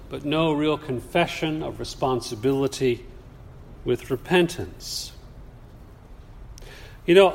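A man preaching a sermon in a measured, deliberate way, putting rhetorical questions to his congregation. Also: mid-range voice. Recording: long reverb of a large hall.

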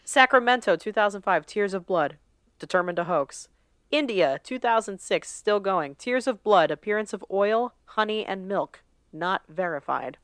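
Casting: woman podcast co-host, smooth and clear, dry close sound, reads a list with casual asides. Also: mid-range voice, animated, normal speed, no echo.

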